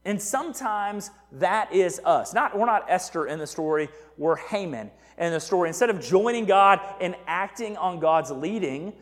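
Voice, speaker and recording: A man preaching as a pastor in a casual, animated sermon who often checks in with "right?". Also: high-pitched, normal speed, few pauses. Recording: echoey hall reverb.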